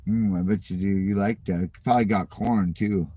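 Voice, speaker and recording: A man's voice: sits low, fairly even intonation, moderate pace, mellow, breathy edge. A middle-aged man hosting his channel, ranting in a casual, profane and mocking way at viewer comments. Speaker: channel host.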